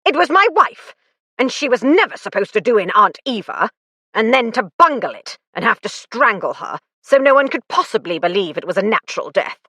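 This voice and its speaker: Woman doing a panicky cornered gentleman. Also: a little high, big pitch swings, brisk, no room sound, clean studio sound, voice pushed up. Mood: urgent. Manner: urgent, blustering. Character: cornered aristocratic male officer, panicky.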